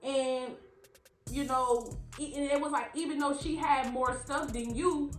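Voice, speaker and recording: A woman's voice: high-pitched, a little slow, soft background music. A young woman from Louisiana, telling a story in a casual vlog and acting out the voices in it. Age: young adult. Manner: animated, acts out the voices in her story. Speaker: vlogger. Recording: roomy echo, faint background beats.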